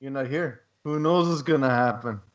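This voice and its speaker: A man's voice: medium pitch, normal speed, lo-fi sound. A man co-hosting a sports podcast in casual chat, rambling with lots of ums and wry asides. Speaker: podcast co-host.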